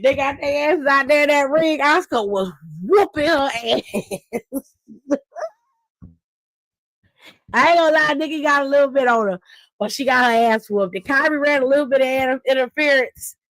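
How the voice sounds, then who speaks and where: A woman's voice: high-pitched, moderate pace, long pauses, fairly bright tone, no room sound, rough recording. A woman hosting a casual wrestling aftershow stream, recapping matches in a sassy, profane way and laughing often.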